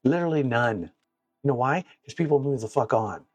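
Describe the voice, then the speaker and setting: A man giving casual gameplay commentary that turns into blunt, profane, animated stories, recorded on a clip-on mic at home. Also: mid-range voice, brisk, dry recording, soft background music. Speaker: gaming streamer. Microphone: wireless clip-on mic.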